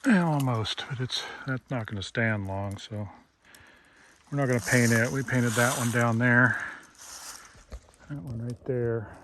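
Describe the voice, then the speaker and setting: A man casually explaining his work outdoors in the woods as he goes, in a halting way with many fillers, recorded on a handheld camera. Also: mid-range voice. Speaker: vlogger marking property boundary trees. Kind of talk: casual how-to narration while working. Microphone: handheld camera mic. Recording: outdoor camera audio with background noise. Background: outdoor nature sounds.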